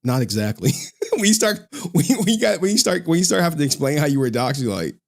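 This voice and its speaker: A man's voice: on the high side, sing-song, quick pace, gravelly. A male streamer in a casual, profane rant to his viewers, slangy and often laughing.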